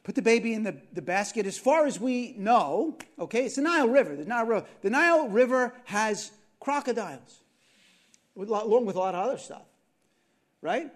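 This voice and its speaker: A male preacher telling a story from the pulpit, his high voice swinging widely in pitch. He throws in asides and questions to his listeners, dropping to a murmur and then rising again. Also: animated, brisk. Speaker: pastor. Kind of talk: sermon.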